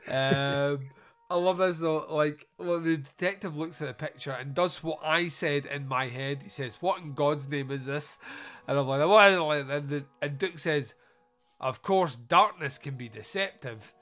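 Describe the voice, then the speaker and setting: Over soft background music, a man with a fairly high voice talks a little slowly as he hosts a casual comedic podcast. Reviewing a film, he recounts scenes with lively, sarcastic commentary and plenty of swearing.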